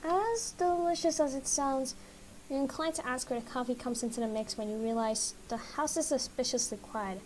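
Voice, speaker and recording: A woman streamer who reads a dating game aloud quickly, a bit out of breath and poking fun at herself. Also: sits high, darkish tone, a little hiss or hum, poor audio. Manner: fast, self-mocking reading. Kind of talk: game dialogue read-along.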